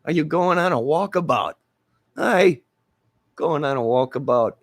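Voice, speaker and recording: A man's voice: fairly high pitch, animated, a little slow, no room sound, clean studio sound, voice pushed up. A man doing a hammy bushman. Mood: cheery. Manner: exaggerated, playful. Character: joking mock Australian bushman, adult man.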